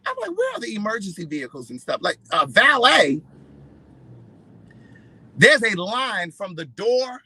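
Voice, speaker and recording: A middle-aged man vlogging, telling a story with lots of swearing and acting out what each person said, his loudness swinging widely. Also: high-pitched, no echo, rough recording. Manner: expressive, profane, acts out quotes with big swings in loudness. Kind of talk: animated storytelling to camera.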